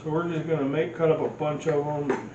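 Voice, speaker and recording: A man's voice: fairly high pitch, steady tone, fairly quick, noisy background. A man hosting a casual cooking vlog from his home kitchen, rambling and joking at his own expense. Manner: rambling, jokey, self-deprecating. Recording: echoey, slightly dull home recording.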